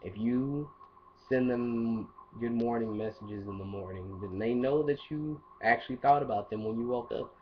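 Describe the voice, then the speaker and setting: A man's voice: mid-range voice, normal speed. Chatty man giving dating advice. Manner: chatty, rambling, full of "like" and playful asides. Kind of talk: casual advice monologue. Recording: dull lo-fi audio with faint hiss.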